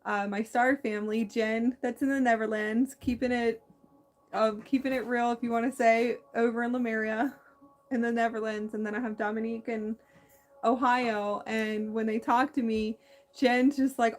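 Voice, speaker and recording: A woman hosting a spiritual talk, speaking in a meandering, halting way with many restarts and a slight lisp. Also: on the high side, level tone. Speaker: spiritual channel host. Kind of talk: casual spiritual monologue.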